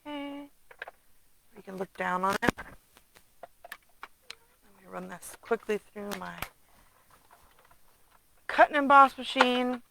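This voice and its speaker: A woman's voice: a little high, slow pace, creaky, long pauses, background noise. A woman casually demonstrating card making at her desk, chatty, humming to herself and muttering asides. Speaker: craft demonstrator.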